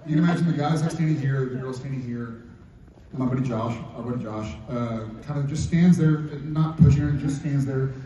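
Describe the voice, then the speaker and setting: A man on a convention panel, telling an animated story with playful asides. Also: medium pitch, brisk, slight background noise. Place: large convention hall. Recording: dull echoey hall sound from a distance.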